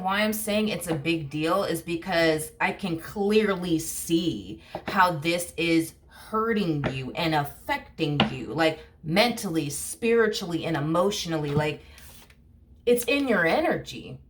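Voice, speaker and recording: A woman's voice: fairly low pitch, animated, a little slow, background noise. A woman giving a casual tarot reading to camera, rambling and full of fillers like "you know what I mean". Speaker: tarot reader.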